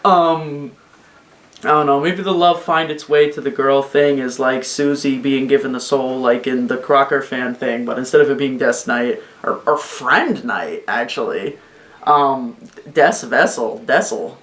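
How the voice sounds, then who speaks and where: A woman ranting excitedly about her video game theories in a rambling, swearing, casual way. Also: rumbling low, normal speed. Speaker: video host. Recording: echoey room.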